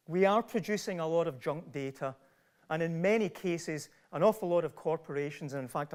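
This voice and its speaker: Glasgow guy lecturing on stage, fairly high voice, punchy rhetorical questions. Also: a little mellow. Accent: Glasgow Scottish. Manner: emphatic, rhetorical questions, some restarts. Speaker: professor giving a talk. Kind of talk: public lecture.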